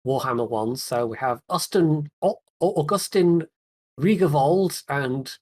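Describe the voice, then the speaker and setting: A man's voice: mid-range voice, lively intonation, moderate pace, darkish tone. Chatty male podcast host. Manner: chatty, laughs often, trails off. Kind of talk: casual gaming chat.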